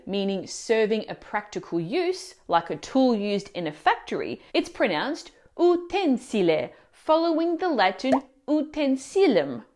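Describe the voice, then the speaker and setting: A woman teaching Italian pronunciation in a scripted video lesson, explaining words clearly and asking the viewer questions. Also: on the high side, a little mellow.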